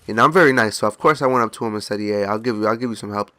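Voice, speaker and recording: A man's voice: on the low side, racing, sharp tone, no echo. Chill young guy rambling through a story, dry mic, no room sound. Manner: rambling, laid-back anecdote with mock voices. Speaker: gaming channel host. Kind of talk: casual storytelling.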